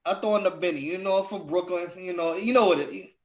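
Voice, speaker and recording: A cocky Brooklyn street guy with a heavy, overdone New York accent and slangy drawl, as a young man fakes it among friends. His voice sits a bit high for a man. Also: fast talker, lightly acted. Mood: boastful. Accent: put-on New York.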